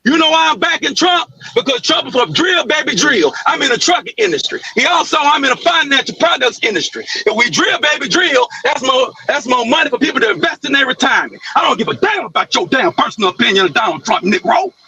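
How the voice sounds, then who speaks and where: A man with a very high, gravelly voice, shouting aggressively in a heated livestream argument. His tone is bright and forceful, and the sound is dry and close with no room echo. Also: animated, fast, hardly any pauses. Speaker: guest on a livestream debate.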